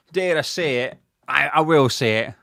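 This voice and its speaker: Excitable young fan commentator, bright voice. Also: male voice, on the high side, unhurried, creaky, slight background noise. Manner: excitable, swears freely, erupts into shouting at goals. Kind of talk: live fan watch-along commentary.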